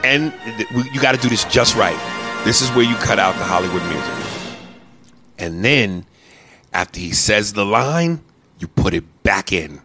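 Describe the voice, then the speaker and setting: A man with a gravelly, bright voice co-hosts a comedy podcast. His pitch swings widely as he barks profane, bossy banter in a loud, animated way. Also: moderate pace, faint music behind. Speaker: podcast co-host.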